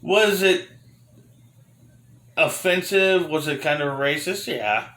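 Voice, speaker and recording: A man's voice: on the high side, lively intonation, slow pace, sharp tone, roomy sound. A man from Florida giving a casual, rambling review of an old wrestling show, full of fillers and restarts.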